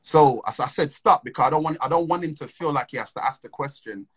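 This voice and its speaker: A young man tells a personal story in a relaxed, slang-heavy way, often breaking into laughter. His voice sits at an ordinary middle pitch. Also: fast, breathy edge, poor audio. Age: young adult. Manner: slangy, animated, laughs between phrases. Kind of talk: casual storytelling chat.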